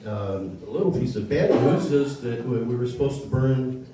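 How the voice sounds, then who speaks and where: A man's voice: mid-range voice, noisy background. A man hosting a small concert series, telling a joke and making announcements with many ums and uhs. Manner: rambling, halting with many fillers. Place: small concert venue with an audience. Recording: roomy live room recording from far off with crowd.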